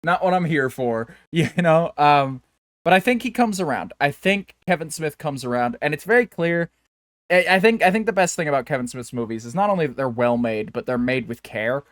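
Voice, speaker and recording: On the high side and brisk, a man's fairly bright voice carries lively intonation as he co-hosts a podcast. The casual chat rambles with many fillers and restarts, recorded at studio quality with no echo.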